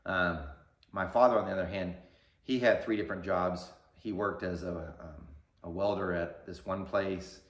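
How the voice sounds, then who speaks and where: Man, channel host, casual storytelling, rambling with fillers, lowish voice, echoey room. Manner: conversational, rambling with fillers and asides. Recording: roomy echo.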